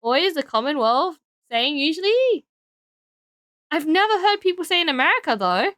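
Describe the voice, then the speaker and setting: A tired woman streamer chats to her viewers as she builds, giggling and drifting into muttered self-talk. Her voice sits fairly high and bright, leaping up and down in pitch. The recording is close and dry, with no room sound. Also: very animated, normal speed, no echo. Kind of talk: casual live-stream chat while building.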